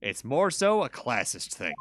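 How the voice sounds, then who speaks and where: A man's voice: medium pitch, very animated, unhurried, a bit bright, slight background noise. A man giving casual, joking commentary while playing a story game. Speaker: gaming streamer. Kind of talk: casual let's-play commentary.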